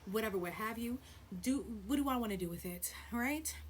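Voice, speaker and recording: A woman telling a story on her vlog in a blunt, profane, animated way, with loud stresses and hushed asides. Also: a little high, fairly quick, slight background noise. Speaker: vlogger.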